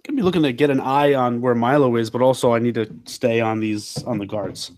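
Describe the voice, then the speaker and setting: A man's voice: medium pitch, a little fast, darkish tone, dry recording. Eager stammering male player, dry. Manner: eager, stammering, repeats words. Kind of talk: casual tabletop role-play.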